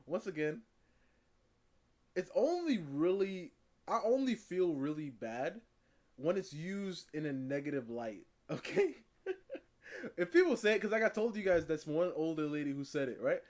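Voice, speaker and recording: Streamer, male, fairly high voice that bounces all over, laughs and repeats himself as he chats to his viewers. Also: normal speed. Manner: animated, laughing, repeats words for emphasis. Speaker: live-stream host. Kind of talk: casual chat reacting to a video.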